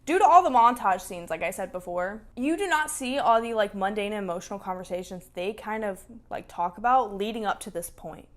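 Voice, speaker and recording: A woman's voice: mid-range voice, expressive, a little fast, hardly any pauses. A woman ranting about a book and its film in a casual vlog, emphatic and freely profane. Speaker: book reviewer. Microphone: camera mic.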